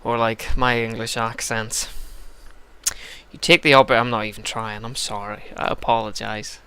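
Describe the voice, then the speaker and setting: Joking gamer, bright clear voice. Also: male voice, mid-range voice, little pitch movement, moderate pace. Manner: joking, self-deprecating asides. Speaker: lets-play narrator. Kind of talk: casual gameplay commentary.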